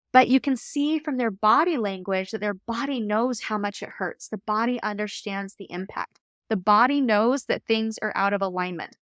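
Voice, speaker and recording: A woman podcast host and coach giving calm, earnest, reflective advice in a solo talk. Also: fairly high pitch, no room sound, clean studio sound. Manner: calm, earnest, coaching tone with occasional light laughs.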